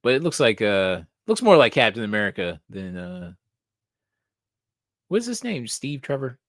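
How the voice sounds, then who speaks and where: A man hosting a casual live stream, thinking aloud, swearing casually and getting excited. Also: lowish voice, moderate pace, dry recording, studio quality. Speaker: host of a comic book live show.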